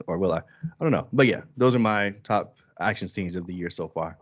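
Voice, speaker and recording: A man co-hosting a podcast in casual chat, animated and quick to act out quoted lines. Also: on the low side, lo-fi sound. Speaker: podcast co-host.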